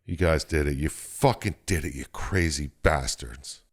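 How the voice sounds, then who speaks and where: A man's voice: a bass voice, unhurried. A man putting on the voice of a brash, sweary young woman while retelling a game's story. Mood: exasperated.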